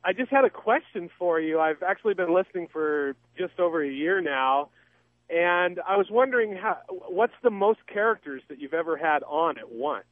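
A man's voice: high-pitched, expressive, moderate pace, no room sound. A man calling a radio show to ask a question, polite and a little hesitant. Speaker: caller. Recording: phone line.

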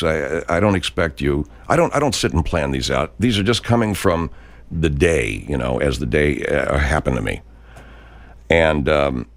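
A man's voice: sits low, no room sound. A man in his sixties hosting a show, rambling casually with a lot of swearing and restarts. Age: 60s. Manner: profane, rambling, full of restarts. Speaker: podcast host.

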